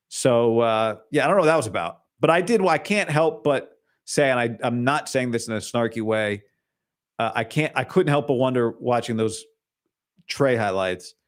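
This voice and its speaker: A man hosting a solo sports talk show, opinionated and hedging, with frequent restarts. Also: medium pitch.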